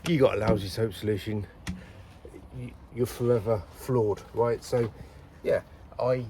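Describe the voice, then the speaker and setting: A man's voice: on the low side, fairly even intonation, unhurried, warm tone, a little hiss or hum, low-quality recording. Chatty window cleaner man. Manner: chatty, rambling storytelling. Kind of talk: casual on-the-job rant to camera. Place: outdoors on a street job.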